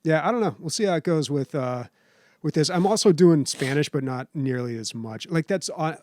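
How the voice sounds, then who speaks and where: A man's voice: a little high, animated, normal speed, a little mellow, no echo, clean studio sound. A young man from San Diego, chatting on a podcast in a rambling, self-deprecating way, laughing often. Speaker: podcast host. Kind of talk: casual chat.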